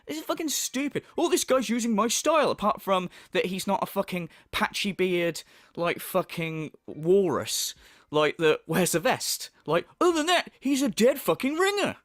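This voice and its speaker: A man's voice: sits high, very animated, moderate pace, a bit bright, no echo, studio quality. Sweary mocking male commentator. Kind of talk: profane reaction commentary.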